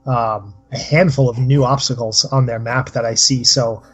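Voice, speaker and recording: A man's voice: medium pitch, fairly even intonation, moderate pace, breathy edge. A man co-hosting a casual podcast, talking steadily and rambling with many fillers. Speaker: podcast co-host. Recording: slightly dull lo-fi audio.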